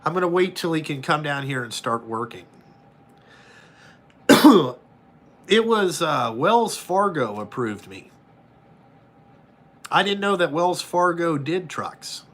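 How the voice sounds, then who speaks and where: A bright, forceful male voice, talking a little higher than most men. He chats with viewers as a trucker, blunt and full of swearing. He acts out his phone calls. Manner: profane, blunt and animated. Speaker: truck driver vlogger. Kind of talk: casual chat answering viewers.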